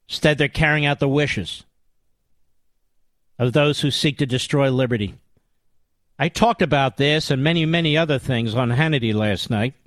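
With a fairly high-pitched voice and no echo, a man hosts a political talk radio show, delivering a combative, indignant monologue full of emphatic repetition.

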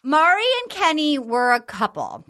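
A woman hosting a podcast, recapping a reality show in fast, gossipy storytelling and acting out what people said. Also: high voice, very animated, sharp tone. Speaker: podcast host. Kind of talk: casual chat, animated recap.

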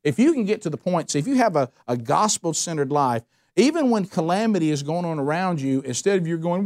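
Animated, fairly high-voiced man teaching. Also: fairly quick, dry recording, studio quality. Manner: animated, acts out quoted voices; earnest, repeats and restarts phrases. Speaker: men's Bible study teacher. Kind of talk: conversational Bible teaching.

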